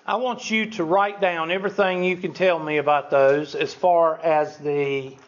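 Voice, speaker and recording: Man teaching statistics, slightly high voice, folksy classroom lecture, keeps saying okay, dull lo-fi recording. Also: steady tone, normal speed. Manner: folksy, self-deprecating, frequent "okay?" check-ins.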